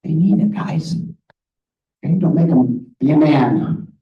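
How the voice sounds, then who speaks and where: A man's voice: on the high side, a little slow. A middle-aged man giving an earnest, direct talk with slides, often checking in with "okay?". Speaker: guest speaker on grief. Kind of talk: presentation with slides. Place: meeting room. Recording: roomy, distant, muffled room audio.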